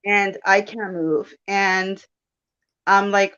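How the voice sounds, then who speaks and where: A woman in her thirties telling a personal story in casual chat, animated and quick to laugh as she acts out her own thoughts. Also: mid-range voice, clean tone, lo-fi sound. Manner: chatty and animated, with laughs and self-quotes. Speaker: guest.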